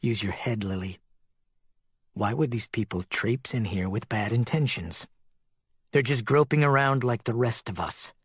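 A man's voice: medium pitch, measured pace, breathy edge, no room sound, clean studio sound. A man playing a skeptical, sardonic middle-aged doctor with a cutting way of speaking. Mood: urging.

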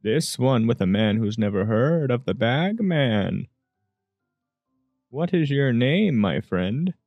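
A man voicing Bagman, a self-styled food-delivery hero, with booming, drawn-out proclamations. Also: sing-song, no room sound, lo-fi sound, soft background music, exaggerated voice. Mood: grandiose.

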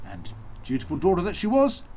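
A man's voice: fairly quick, a little hiss or hum, rough recording. A man telling an old folk tale as a costumed storyteller, with theatrical emphasis. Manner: animated, swooping pitch for emphasis. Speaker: storyteller in costume as a medieval seamster.

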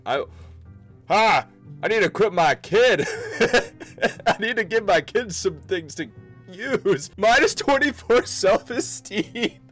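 A man giving casual let's-play commentary, excitable, laughing often and reading game text aloud. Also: a little high. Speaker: gaming video creator.

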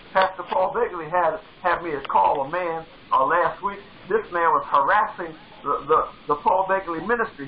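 A man with a high voice preaches fervently from the pulpit, repeating his lines for emphasis. The recording sounds dull and lo-fi, with a faint hiss behind him. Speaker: pastor. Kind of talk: sermon.

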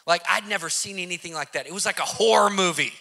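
A man tells a dramatic story on a podcast, excitable and emphatic. His voice is very bright and ringing, and it sits high for a man. He leans hard into key words. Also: fast talker, creaky. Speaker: podcast host. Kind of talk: animated storytelling.

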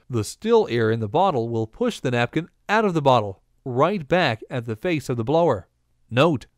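A man reads scripted bar tricks and jokes in a deadpan way, though his pitch moves a lot. The recording is dry and close. His pitch sits in the middle. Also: no room sound. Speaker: bartending instructor. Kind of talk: scripted instructional narration.

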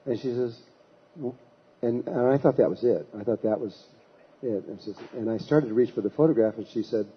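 A man, a spiritual teacher, telling a story in a halting way with frequent restarts in a husky voice. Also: medium pitch, lo-fi sound. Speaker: spiritual teacher giving a talk. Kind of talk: anecdotal storytelling talk.

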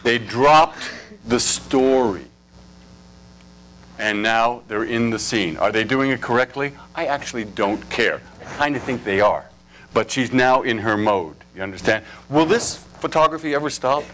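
A man's voice: mid-range voice, a little slow, a bit bright, a little hiss or hum. A middle-aged man coaching actors at a live workshop, joking, laughing and firing off asides. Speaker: acting teacher. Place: workshop stage before audience.

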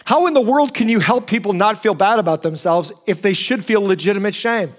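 A man's voice: high-pitched, brisk. A male pastor preaching a sermon in a conversational, emphatic way.

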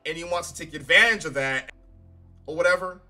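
A man's voice: a little high, a little fast, sharp tone. A man giving a casual reaction review of a show, profane, sarcastic and exasperated. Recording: faint music behind.

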